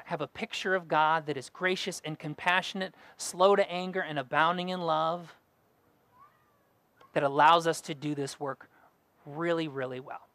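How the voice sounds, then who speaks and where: A man's voice: on the high side, fairly bright tone, no echo. A young adult man preaching a sermon as pastor, earnest and fond of repeating key phrases.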